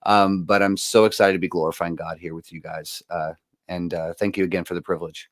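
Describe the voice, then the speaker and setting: A man's voice: sits low, little pitch movement, brisk, no room sound, clean studio sound. A man speaking as a guest musician, earnest and rambling, with many fillers and restarts in a casual motivational talk.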